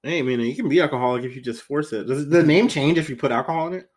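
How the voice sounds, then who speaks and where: A man's voice: a little high, racing. A young man co-hosting a podcast in casual comedic chat, rambling with lots of "like" and free swearing. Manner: animated, rambling, heavy use of "like", swears freely. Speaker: podcast co-host.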